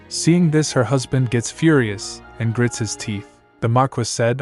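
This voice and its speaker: A man narrating a story recap in a plain, steady reading. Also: medium pitch, measured pace, few pauses. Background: faint music.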